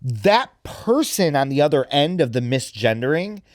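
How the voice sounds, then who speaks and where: A man hosting a podcast in casual, profane, animated chat, speaking into a close studio mic. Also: a little high, normal speed, no echo. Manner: animated, profane, lots of fillers. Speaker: podcast host.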